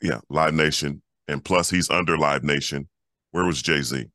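Fifties male podcast co-host, deep-voiced and excitable, repeats himself mid-story. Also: a little slow, no echo, studio quality. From Los Angeles, USA. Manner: animated storyteller, repeats words when excited. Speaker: co-host, former pro basketball player. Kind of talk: casual podcast chat.

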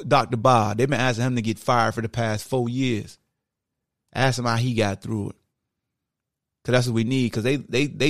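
A gravelly, middle-aged man delivers a fired-up solo podcast rant. He talks straight at his listeners, preachy and animated. The sound is dry and close. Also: fairly low pitch, no room sound. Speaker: podcast host. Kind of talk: casual sports podcast monologue.

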